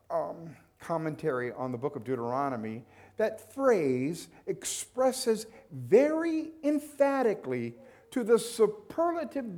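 A man's voice: on the high side, darkish tone. A man preaching a sermon as pastor, emphatic and repeating phrases for weight.

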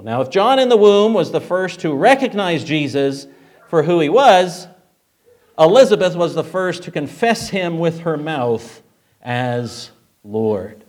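Brief: male preacher, fairly high voice, chatty sermon delivery with rhetorical questions. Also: expressive, unhurried, a little mellow. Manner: conversational, rhetorical questions, frequent fillers.

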